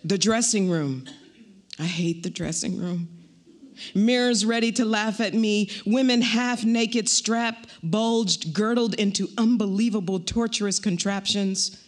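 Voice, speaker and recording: A woman poet reading her own poem aloud at a live event, with a wry, rhythmic delivery and pointed pauses. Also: medium pitch.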